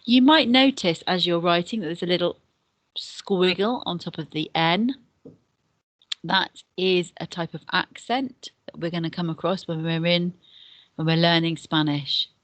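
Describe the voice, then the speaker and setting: A woman's voice: lowish voice, unhurried, no echo. A woman teacher giving a recorded beginner language lesson, explaining patiently and step by step, often repeating words to pupils. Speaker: deputy head and Spanish teacher.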